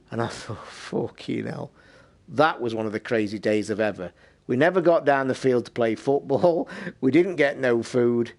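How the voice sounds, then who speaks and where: A British man hosting a live stream, telling a rambling story in a casual, swear-filled way. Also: medium pitch. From United Kingdom. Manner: swears constantly, rambling and animated. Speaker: streamer and podcast host.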